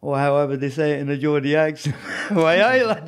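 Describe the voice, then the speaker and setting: A man telling prison stories as a podcast guest, animated and often adding "you know what I mean". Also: on the high side, fast, clear, resonant tone. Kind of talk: storytelling in a casual interview.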